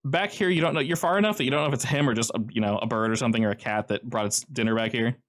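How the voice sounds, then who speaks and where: A man's voice: medium pitch, racing. A man running a tabletop role-playing game, describing the scene in a casual, rambling way with frequent fillers. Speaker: game master.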